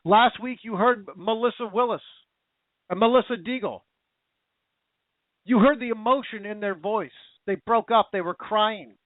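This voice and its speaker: Speaking a little slowly in a high voice, a man hosting talk radio launches into an impassioned monologue, angrily repeating himself as his emotion grows. It's a dry recording with a tinny, phone-like sound.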